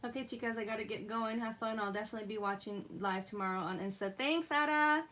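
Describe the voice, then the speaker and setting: A woman's voice: on the high side, fast talker, a bit bright, a little hiss or hum. A young woman hosting a live craft stream, chatting casually, reading viewer comments aloud and laughing often. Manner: giggly, laughs often, reads chat aloud. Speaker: craft livestream host.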